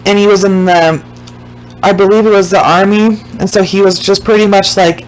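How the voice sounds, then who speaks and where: A woman telling a story in a loose, casual vlog style, with a mid-range voice. She talks bluntly and drops swear words as she goes. She often drags her words out slowly to drive a point home. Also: mid-range voice, steady tone, poor audio. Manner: emphatic, swears freely, slows down to stress points. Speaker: YouTuber recapping a documentary.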